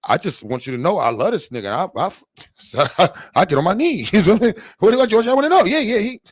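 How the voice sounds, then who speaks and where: A man hosting reaction commentary, animated and laughing, full of crude slang. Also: sits high, normal speed, slightly rough, dry recording, studio quality. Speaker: commentary host.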